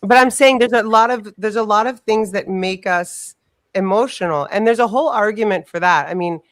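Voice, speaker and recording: A woman co-hosting a casual podcast, telling stories in a rambling, animated way and swearing freely. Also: medium pitch, fairly quick, dry recording. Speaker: podcast co-host. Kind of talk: casual storytelling chat.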